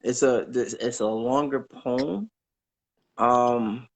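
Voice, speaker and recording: A man calling in to recite poems from memory, earnest and unhurried, pausing with fillers between verses. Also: mid-range voice, fairly even intonation. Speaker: caller.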